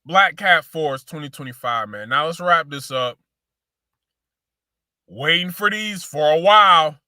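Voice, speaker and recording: Brief: male sneaker vlogger, fairly high, very bright voice, loose slangy delivery full of repeats, dry close recording. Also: animated, a little slow, dry recording. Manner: slangy, repeats phrases, addresses viewers as y'all. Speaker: sneaker show host. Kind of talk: casual sneaker commentary.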